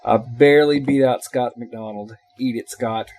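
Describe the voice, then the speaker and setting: Excited, emphatic male podcast co-host. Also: measured pace. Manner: enthusiastic, emphatic pitching. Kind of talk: casual chat.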